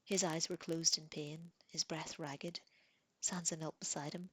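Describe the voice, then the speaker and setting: Seorang perempuan membacakan novel dengan suara lembut dan pelan. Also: female voice, sits low, steady tone, a little slow, husky, no echo. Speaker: reader. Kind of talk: reading a novel aloud.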